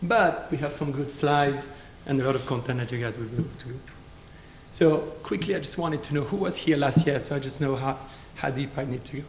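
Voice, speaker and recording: A middle-aged man with a French accent, hoarse from a lost voice, giving an informal, conversational conference lecture as a guest speaker. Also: medium pitch, a little fast, slight background noise.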